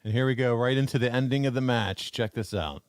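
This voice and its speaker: A man's voice: medium pitch, a little fast, very noisy. A man hosting a podcast, asking questions in an enthusiastic, conversational way. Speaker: podcast host. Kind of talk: casual interview.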